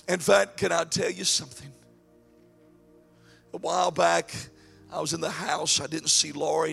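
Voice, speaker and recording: Man, pastor, sermon, high gravelly voice, husky, hushed to shouting. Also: fairly quick, pauses often, soft background music. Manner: swings from hushed to shouted preaching.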